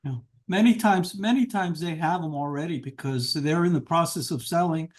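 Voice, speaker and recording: High-voiced man sharing tips on a call. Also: moderate pace. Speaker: coaching call participant.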